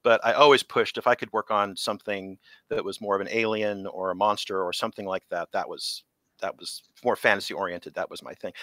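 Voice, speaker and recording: Middle-aged man, effects veteran guest, chatty storyteller, low bright voice, dry close mic. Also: dry recording. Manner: animated anecdotes, laughs often, acts out quotes. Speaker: special effects artist guest. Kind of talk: casual interview storytelling.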